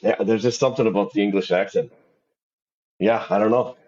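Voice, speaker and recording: Low-voiced, agreeable Wisconsin man. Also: steady tone, brisk, darkish tone. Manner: agreeable, hesitant with many fillers. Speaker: podcast co-host. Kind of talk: casual chat. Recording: slightly dull lo-fi sound.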